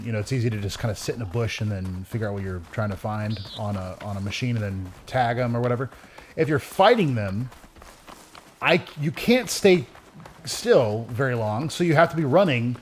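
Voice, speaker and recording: A man in the middle of a casual let's play, rambling through his thoughts with plenty of false starts, his voice at an ordinary pitch. A faint hiss of background noise sits behind him. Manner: rambling, many restarts, animated retellings. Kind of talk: casual gameplay commentary.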